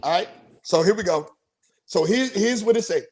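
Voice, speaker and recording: A podcast host with a noticeably high-pitched male voice keeps the talk loose and animated. He laughs often and doubles back on his own phrases as he chats. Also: normal speed. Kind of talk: casual chat.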